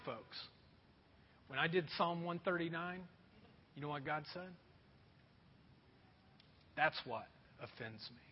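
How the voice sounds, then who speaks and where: A middle-aged male pastor with a high, slightly husky voice tells a self-deprecating story from the pulpit. His sermon rings with a long hall reverb, and the recording sounds dull and muffled.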